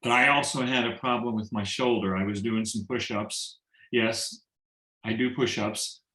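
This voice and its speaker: A man's voice: on the low side, moderate pace. Storytelling man in a roomy echo. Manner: animated storyteller who acts out quoted dialogue and jokes. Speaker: guest sharing a testimonial. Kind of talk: casual storytelling on a video call.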